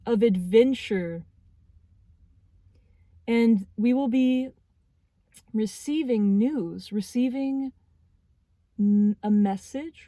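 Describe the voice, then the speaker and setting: Young woman, tarot reading, mellow voice, halting and earnest, dry close sound. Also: a little high, no echo. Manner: halting, searching for words. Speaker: tarot reader.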